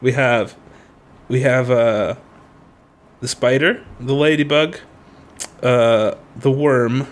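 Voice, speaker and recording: A man co-hosting a casual podcast chat, animated and laughing, slipping into silly voices. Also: medium pitch, slow, pauses often. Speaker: podcast co-host.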